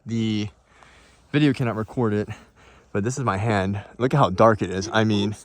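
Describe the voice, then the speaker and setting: A man's voice: on the low side, steady tone, moderate pace, rough recording. A young man narrating a casual travel vlog to the camera in a chatty, upbeat way. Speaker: vlogger. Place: outdoors, windy desert trails and lookouts. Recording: loud wind noise on camera mic.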